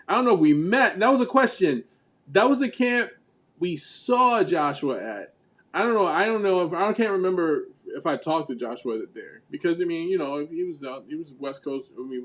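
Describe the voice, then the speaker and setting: A man's voice: on the high side, normal speed. A man from the United States hosting a casual group chat over a video call, telling stories and acting out greetings. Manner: animated storyteller, acts out greetings. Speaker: livestream host.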